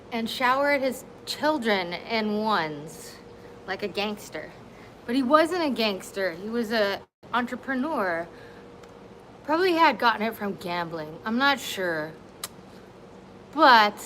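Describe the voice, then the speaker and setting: A woman's voice: mid-range voice, a bit bright, slight background noise, low-quality recording. A woman vlogger chatting casually on a livestream at home, slipping into cooing baby talk to her dogs.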